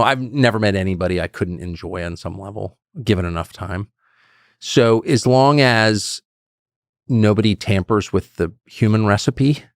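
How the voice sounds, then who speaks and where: A man talks casually as a podcast guest, rambling with restarts and quick chuckles. His voice sits low with a gravelly texture and swings widely in pitch. The sound is close and dry. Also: no echo. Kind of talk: casual conversation.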